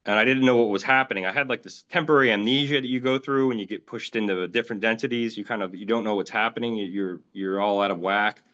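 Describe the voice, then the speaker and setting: A man as an interview guest, recounting his own experiences in a rambling, halting way, full of fillers and restarts. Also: fairly low pitch, a bit bright. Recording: dull lo-fi audio.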